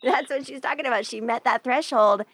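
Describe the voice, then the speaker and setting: Chatty higher-voiced woman host, dry sound. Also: a bit bright, no echo. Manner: chatty, laughs often, quick storytelling. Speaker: podcast host. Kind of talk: casual interview conversation.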